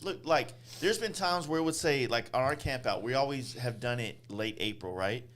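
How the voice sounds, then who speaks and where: Man, podcast host, loose profane banter, mid-pitched voice. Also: normal speed. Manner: loud, laughing, profane banter. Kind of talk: casual chat.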